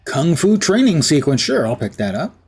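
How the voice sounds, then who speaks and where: A man's voice: fairly high pitch, very animated, normal speed, a little mellow. A man giving casual, sarcastic commentary while livestreaming a game. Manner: sarcastic, wry asides to chat. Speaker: livestream gamer.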